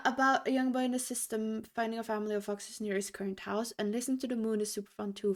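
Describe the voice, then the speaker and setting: A young adult woman streaming live, chatting casually with her viewers, laughing often and reacting to chat. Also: medium pitch.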